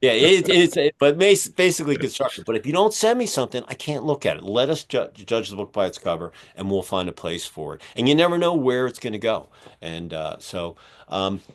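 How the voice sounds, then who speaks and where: A man hosting a podcast interview, talking in a rambling, energetic way with many fillers, his voice going hoarse as he keeps clearing his throat. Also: medium pitch, fairly quick. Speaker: podcast host and magazine publisher. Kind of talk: casual interview chat.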